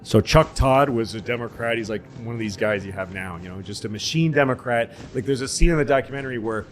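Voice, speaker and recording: A man co-hosting a podcast, telling long rambling stories in casual chat, swearing freely and jumping into quick impressions. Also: medium pitch, a little hiss or hum. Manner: rambling, profane, jumps into impressions. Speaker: podcast co-host.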